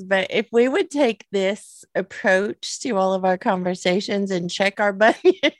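Slow-spoken woman, thoughtful podcast chat. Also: mid-range voice, no room sound. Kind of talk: casual chat.

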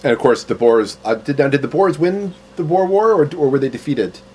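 A man's voice: mid-range voice, lively intonation, brisk, darkish tone, slight background noise, rough recording. A man co-hosting a podcast, chatting casually in a rambling, stumbling way. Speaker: podcast co-host. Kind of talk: casual chat.

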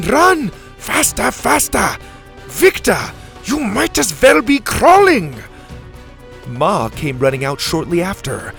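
A man narrating a children's adventure story in an animated storytelling manner, with faint music behind him. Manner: animated storytelling, voicing characters in raised pitch.

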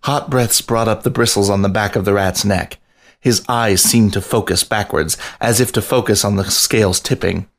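Low, gravelly male story reader. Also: fairly even intonation, normal speed. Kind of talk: reading fiction aloud.

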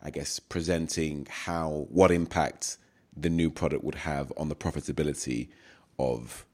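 A man with a very deep, low voice hosting a podcast interview. He speaks in a measured way and pauses now and then to find his words. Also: steady tone, darkish tone. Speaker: podcast host.

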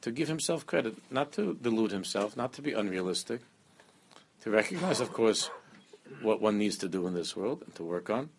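A man giving a lively Torah class, often repeating phrases and mixing Hebrew terms into his English. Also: lowish voice, moderate pace, vocal fry, slight background noise. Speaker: rabbi teaching a class.

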